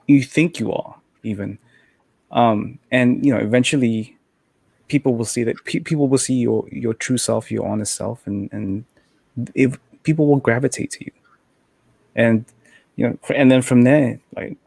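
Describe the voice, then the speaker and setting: A man's voice: mid-range voice, gravelly, darkish tone, no echo. A young man on a panel call, talking casually and rambling with many fillers and restarts.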